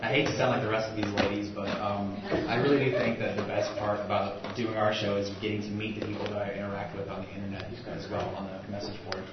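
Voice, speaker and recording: A man's voice: on the low side, level tone, quick pace, hardly any pauses, highs cut off. A man on a podcast panel, joking and laughing as he talks. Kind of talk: panel discussion. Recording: distant roomy hall mic, loud noise.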